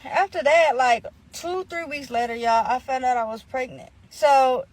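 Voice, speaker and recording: A woman's voice: sits high, moderate pace, low-quality recording. A woman casually telling a personal story, rambling with many fillers and acting out what others said. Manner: rambling, full of "like" fillers, acts out quoted dialogue. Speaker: storyteller in a played clip.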